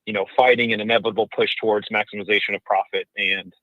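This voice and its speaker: A man's voice: lowish voice, little pitch movement, fast, no room sound. A man calling into a show by phone, rambling through his point with many fillers. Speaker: caller. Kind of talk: casual chat. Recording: tinny, dry phone line.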